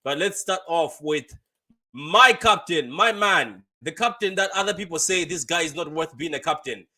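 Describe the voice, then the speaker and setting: A young man hosting a casual live football reaction stream, chatty and quick to laugh, reading viewer comments aloud and repeating his phrases. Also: fairly high pitch, pushed and bright. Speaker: fan channel host.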